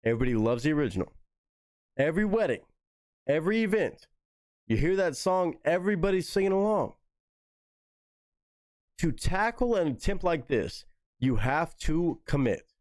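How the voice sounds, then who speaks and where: A man's voice: a little high, big pitch swings, normal speed, long pauses, darkish tone, dry recording, clean studio sound. A man hosting a live stream, giving enthusiastic, profanity-laced commentary on a song and talking to viewers in chat. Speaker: live stream host reacting to music. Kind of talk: casual reaction commentary.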